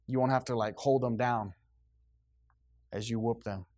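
A man's voice: medium pitch, fairly even intonation, unhurried, a little mellow. A man preaching a sermon in a stern, emphatic, plainspoken way, repeating phrases to drive his points home.

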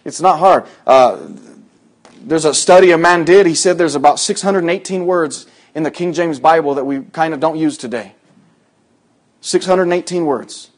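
High-voiced man preaching a sermon. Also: normal speed. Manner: conversational preaching, acts out quoted voices with sudden loud high bursts.

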